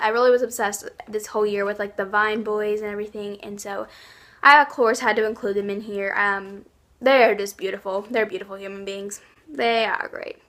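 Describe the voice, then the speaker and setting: Young girl vlogging her faves, gushy and bubbly, bright kinda high voice. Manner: gushing, bubbly, lots of likes and ums. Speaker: YouTube vlogger. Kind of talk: casual favorites vlog.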